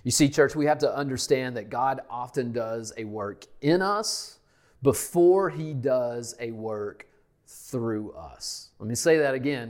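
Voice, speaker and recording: A male pastor preaching a sermon, emphatic, repeating key lines and dropping to a hush at the ends of phrases. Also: mid-range voice, unhurried.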